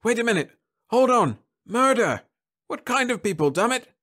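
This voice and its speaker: A man voicing a gruff male spaceship captain who barks orders and curses. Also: high voice, expressive, normal speed, a bit bright, voice pushed up. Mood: urgent barking. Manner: barking orders, cursing.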